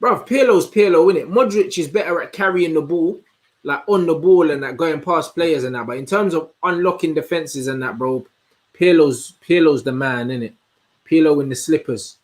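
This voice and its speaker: A young man, hosting a casual livestream and chatting in an animated, slangy way as he answers comments. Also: a little high. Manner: slangy, animated, answers chat with quick asides. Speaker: host.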